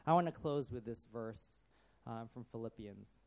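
A man preaching a sermon, earnest, often dropping to a soft voice. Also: mid-range voice, unhurried, gravelly.

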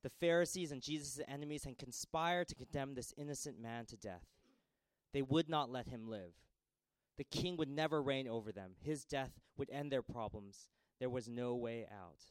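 A man preaching a sermon dramatically, with a repetitive cadence that swings between raised pleas and hushed lines. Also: medium pitch, moderate pace, clean tone, no echo, low-quality recording.

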